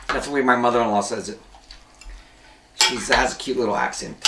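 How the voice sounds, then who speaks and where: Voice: mid-range voice, brisk, pauses often, distant mic, background noise. A cooking show host giving a casual, rambling demonstration, often correcting themselves mid-sentence. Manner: chatty, rambling, self-correcting. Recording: roomy kitchen, voice off-mic.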